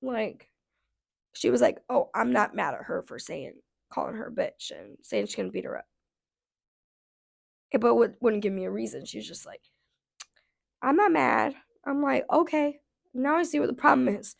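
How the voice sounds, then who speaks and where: A woman in her thirties telling a casual storytime rant, blunt and profane, her voice going hoarse, with lots of "like" fillers. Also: on the high side, expressive, moderate pace, long pauses. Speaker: vlogger.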